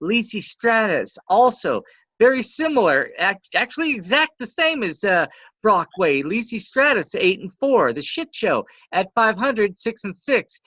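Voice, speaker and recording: A woman's voice: mid-range voice, unhurried, dry recording. Woman cohost going thru the standings, bouncy voice, dry muffled audio. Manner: rundown of standings with lively ups and downs. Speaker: co-host. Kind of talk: casual podcast chat.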